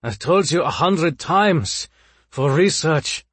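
A man's voice: a little high, expressive, takes it slowly, a bit bright, husky, no echo, voice pushed up, full character voice. A man doing a weary, ailing scientist. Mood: strained. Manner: tired, strained, defensive. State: strained, weak. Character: ailing, weary male scientist, stubborn and secretive.

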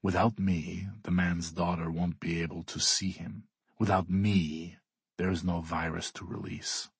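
Man reading cold Russian schemer, sneering, dismissive, very deep, husky. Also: level tone, a little slow, no room sound, heavily acted. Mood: contemptuous. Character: cold, arrogant Russian man, a manipulative leader.

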